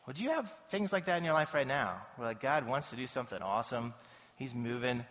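Male pastor, relaxed and lively sermon delivery, recorded in a big echoing church hall. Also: medium pitch, quick pace. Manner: conversational and animated, acting out quoted voices. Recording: dull sound in a reverberant hall.

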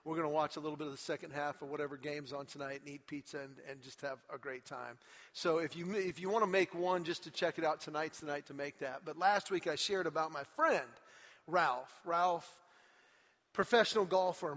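A man with a fairly high voice preaches a sermon, leaning into his stories and acting out quotes with mounting energy. The sound is slightly muffled, and his voice rings with a long reverb, as in a large church sanctuary. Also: brisk. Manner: animated storyteller, acts out quotes with rising energy. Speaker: pastor. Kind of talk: sermon with storytelling.

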